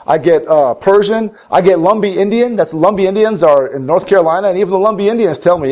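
A Minnesota man with a high, a little mellow voice preaches at a quick pace in a conversational way. He tells stories wryly and often starts sentences over. The recording is lo-fi and dull.

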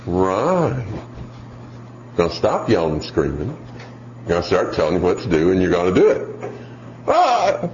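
A man giving a parenting talk, telling a story in a lively way with many asides. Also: medium pitch, slight background noise. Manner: lively storytelling, lots of "you know". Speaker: parenting speaker. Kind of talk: parenting talk with acted-out scenes. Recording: roomy, slightly dull recording.

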